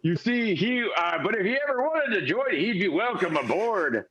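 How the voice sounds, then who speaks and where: A man's voice: sits high, very animated, moderate pace, crowd noise, voice pushed up. A man voicing a friendly, rambling ship that is crewed by many dead souls. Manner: chummy, rambling, sailor-ish. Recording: dull lo-fi audio.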